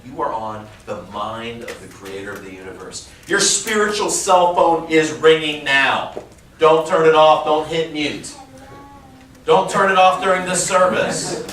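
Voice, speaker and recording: A man in his thirties, a pastor, preaching a sermon in a casual, emphatic way, slowing down to stress key phrases and joking with the congregation. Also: fairly high pitch, a bit bright, recorded from a distance. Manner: conversational, jokes with the congregation. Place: large church auditorium. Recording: echoey church hall, faint room noise.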